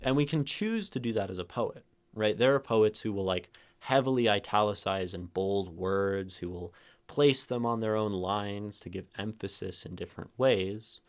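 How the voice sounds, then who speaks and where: A man with a low-pitched voice talks through a poem on a livestream into a streaming mic. He's reflective and explanatory, stressing different words in turn and tagging thoughts with "right?" to keep chat with him. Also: normal speed. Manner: thoughtful, tags phrases with "right?"; plays with stress, rereading lines different ways. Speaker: streamer hosting a poetry reading. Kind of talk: livestream poetry analysis to chat. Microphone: streaming mic and camera.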